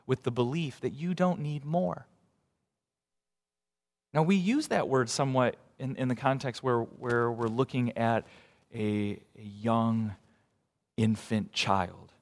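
Lively, expressive preaching man in a hall. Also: on the high side. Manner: expressive preaching, swings from loud emphasis to hushed asides. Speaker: pastor. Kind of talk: sermon.

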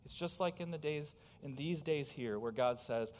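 A man's voice: fairly high pitch, normal speed, few pauses, slight background noise. A man, preaching a sermon as pastor, talking emphatically and putting direct questions to his congregation. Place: church sanctuary. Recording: long hall reverb in a church.

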